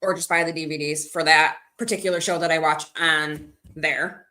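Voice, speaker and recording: A woman's voice: low-pitched, steady tone, normal speed, sharp tone. A woman livestreaming to her viewers, chatting casually and rambling between stories and replies to comments. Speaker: livestreaming vlogger. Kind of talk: casual live-stream chat.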